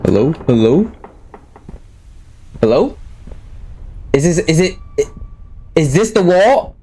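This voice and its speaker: A man's voice: a little high, big pitch swings, slow pace, dark tone, slightly rough. A man who is a gaming YouTuber gives jumpy, exclaiming commentary full of casual slang while playing a horror game.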